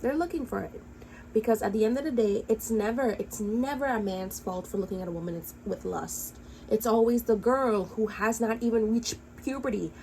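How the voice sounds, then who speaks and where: A woman's voice: on the high side, normal speed, hardly any pauses, darkish tone, slight background noise, low-quality recording. Angry woman ranting in commentary. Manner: blunt, profane. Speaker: commentary vlogger. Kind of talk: heated reaction commentary.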